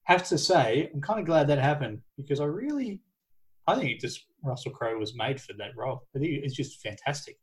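A man's voice: fairly high pitch, sing-song, brisk. A young man with an Australian accent, co-hosting a casual film-review chat in a laid-back, chatty way. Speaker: podcast co-host.

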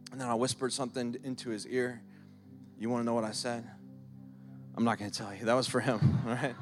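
A man in his thirties or forties, a pastor preaching a sermon in a lively, conversational way, using props and acting out prayers. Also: mid-range voice, fairly quick, faint music behind. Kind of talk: sermon with object lessons. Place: church service.

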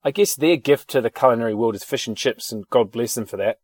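A man's voice: medium pitch, fast, no echo, studio quality. A man telling rambling anecdotes in casual chat, with fillers and swearing. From New Zealand.

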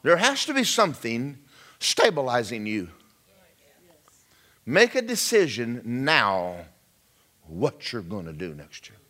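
A man's voice: mid-range voice, very animated, takes it slowly, long pauses, pushed and bright. A middle-aged man preaching a sermon, calling out questions to his congregation. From Georgia, US. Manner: preaching with call-outs to the congregation. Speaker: pastor.

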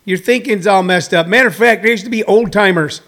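A stand-up comedian man talks off the cuff to people watching his livestream. His voice sits high for a man, and he rambles through many fillers and restarts. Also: a little fast, creaky, a bit bright. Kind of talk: casual livestream monologue to viewers.

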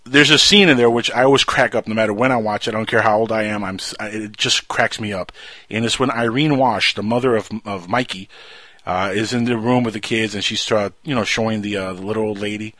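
A man's voice: brisk, pushed and bright, no echo. A man hosting a casual movie talk show, enthusiastic and fond of reciting film quotes. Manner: enthusiastic, acts out film quotes with rising pitch. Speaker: podcast host.

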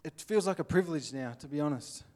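Casting: Australian male preacher, plainspoken and earnest, voice slightly high. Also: animated, fast talker, a little mellow. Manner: earnest, plainspoken, acts out little scenes. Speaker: pastor. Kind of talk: sermon.

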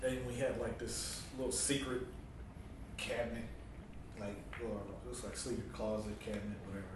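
A man's voice: flat delivery, moderate pace. Profane storytelling man in an echoey room. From New Mexico. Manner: laughing, acts out voices with big pitch jumps. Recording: echoey room from a distance, light ambient noise.

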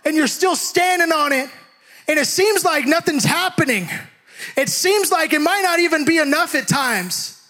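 A young man from the Bay Area preaching a sermon, telling a lively personal story with shouts and laughter. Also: extremely high pitch, normal speed. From San Francisco Bay Area.

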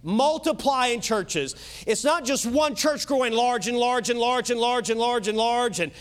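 A man with a Kentucky accent preaching a sermon as pastor, emphatic, swinging between loud and soft, with quick asides. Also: very high voice.

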